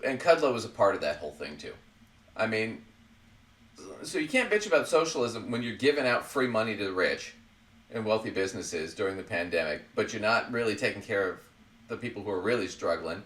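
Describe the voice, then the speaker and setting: A man's voice: on the low side, expressive, brisk, a bit bright. A man hosts a casual political podcast, blunt and profane, and he laughs at his own jabs. He sits well back from the microphone. The room around him rings and echoes. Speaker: podcast host. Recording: roomy sound, far from the mic.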